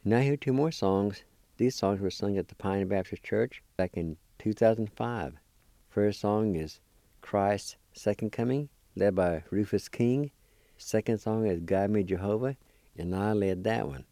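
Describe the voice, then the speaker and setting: A man's voice: lowish voice, measured pace, dark tone, no room sound. A man teaching word pronunciation, sounding words out syllable by syllable in a patient, encouraging way. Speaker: language teacher. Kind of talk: pronunciation lesson.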